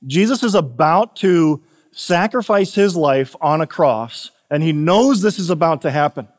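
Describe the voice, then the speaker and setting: A man who is a pastor, preaching a casual, conversational sermon with laughing asides and frequent tag questions, slowing down to read scripture. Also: on the high side, lively intonation. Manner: slows down and lifts his voice for scripture readings. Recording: long hall reverb.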